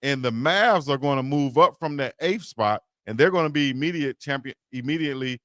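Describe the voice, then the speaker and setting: A man's voice: medium pitch, a little fast, a bit bright, no room sound, studio quality. A man co-hosting a live sports talk stream, earnestly defending his team. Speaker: co-host. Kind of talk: casual sports debate. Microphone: live stream setup.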